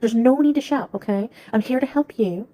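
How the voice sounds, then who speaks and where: A woman's voice: on the high side, brisk, mellow, highs cut off, lightly acted. A woman playing a rude, careless 911 dispatcher. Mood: condescending. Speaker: skit actor. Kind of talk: comedy skit acting.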